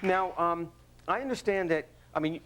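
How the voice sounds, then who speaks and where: A man's voice: a little high, normal speed. Male talk host, brief questions, light faint noise on the recording. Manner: asks short questions and laughs along. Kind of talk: talk show interview.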